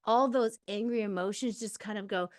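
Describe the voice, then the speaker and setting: A woman's voice: mid-range voice, moderate pace, a little mellow, no echo, clean studio sound. A woman in her thirties hosting a podcast, giving candid, chatty advice with lots of fillers. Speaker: podcast host. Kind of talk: casual advice monologue.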